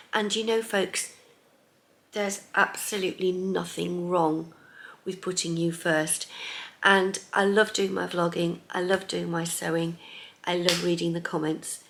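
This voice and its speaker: Gravelly-voiced woman chatting in her sewing vlog. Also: on the low side. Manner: chatty, lively, drops to soft near-whispers. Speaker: sewing vlogger.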